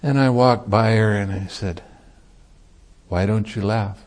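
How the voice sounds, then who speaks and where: Male monk, meditation teacher, dharma talk; slow delivery, mellow voice, easy laughter. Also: on the low side. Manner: light-hearted, laughs easily while teaching.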